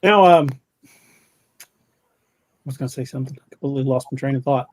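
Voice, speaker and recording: A man's voice: medium pitch, fairly quick. A man hosting a live podcast, chatting casually and rambling with frequent restarts while he reads viewer comments. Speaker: podcast host.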